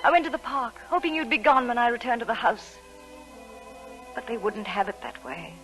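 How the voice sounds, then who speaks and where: An actress playing Ellen, a torn young woman in love, in a 1940s radio play, speaking softly and pleadingly. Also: on the high side, lively intonation, moderate pace, poor audio. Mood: wistful. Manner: soft, pleading and restrained. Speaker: narrating lead in a radio play. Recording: old radio broadcast with faint music.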